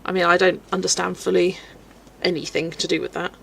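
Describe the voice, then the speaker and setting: A British woman with a fairly low, gravelly yet fairly bright voice talks a little fast in a flat delivery, with slight background noise. Colouring on a casual livestream, she chats, rambles, laughs frequently and reads her chat aloud.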